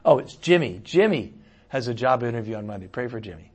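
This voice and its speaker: A man preaching a conversational sermon, swinging between loud exclamations and quiet asides. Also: medium pitch, lively intonation, fast talker, husky. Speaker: pastor.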